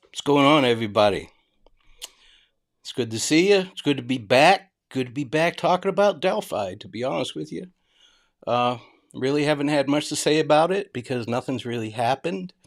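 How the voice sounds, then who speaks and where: A man's voice: medium pitch, animated, moderate pace. A retired man with a Boston accent who drops his R's, hosting a live stream in a chatty way and greeting viewers by name. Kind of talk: casual live-stream commentary.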